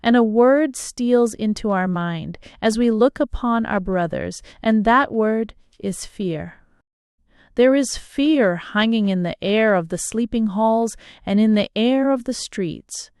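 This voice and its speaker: A woman reading a novel aloud as an audiobook narrator, in a slow, measured manner. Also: fairly high pitch, darkish tone, smooth, no echo, clean studio sound. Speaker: audiobook reader. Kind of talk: scripted narration.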